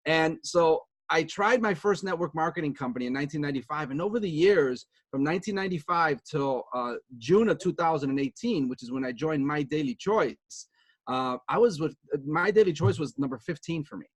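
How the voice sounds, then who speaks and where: A man's voice: animated, a little fast, no echo. A man in his fifties giving a motivational talk from home on a video call, chatty and long-winded, repeating himself as he goes. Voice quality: upbeat and chatty, high-spirited. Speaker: guest speaker on a video call. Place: home with pet dogs nearby.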